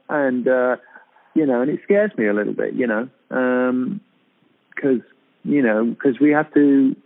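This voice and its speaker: A man chatting on a radio show from abroad, talking haltingly with many fillers and restarts. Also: medium pitch. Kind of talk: casual radio chat. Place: abroad in Britain, calling in. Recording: tinny phone-line sound on radio.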